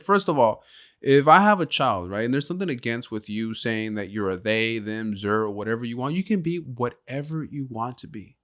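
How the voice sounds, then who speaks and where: A man's voice: medium pitch, moderate pace, fairly bright tone. A young man co-hosting a casual podcast, talking brashly and profanely, laughing and acting out little scenes. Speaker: podcast co-host.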